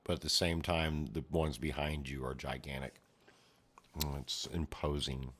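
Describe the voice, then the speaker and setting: A low-voiced man chats casually as he pages through a comic, narrating the action in a loose, rambling way. He tosses in his own mouth sound effects and offhand asides as he goes. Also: flat delivery, unhurried, a bit bright, slightly rough. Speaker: comic reader and commentator. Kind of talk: casual read-along commentary.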